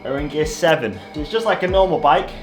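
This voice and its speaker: A young man talks through his vlog in a chatty, self-deprecating way, drifting into rambling asides. His voice sits a little high for a man. Faint music runs underneath. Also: expressive, quick pace. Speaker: cycling YouTuber. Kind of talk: casual vlog narration and race commentary.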